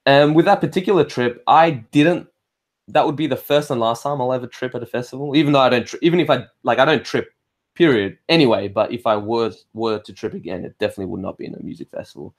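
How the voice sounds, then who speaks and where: An Australian man hosts a laid-back livestream, talking fast at an ordinary middle pitch. He drifts between thoughts, swears freely and frequently breaks off to restart a sentence, reading and answering viewer comments in an easy, conversational manner.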